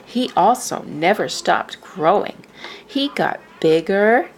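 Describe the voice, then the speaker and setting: A woman reading a children's picture book aloud in a slow, expressive way. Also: medium pitch, slight background noise. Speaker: storyteller.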